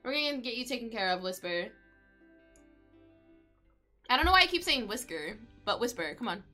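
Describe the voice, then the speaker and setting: Bright-voiced woman chatting through a game. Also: fairly high pitch, very animated, moderate pace, soft background music. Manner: chatty, talks to her game pets. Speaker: gaming video creator. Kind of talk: casual gameplay commentary.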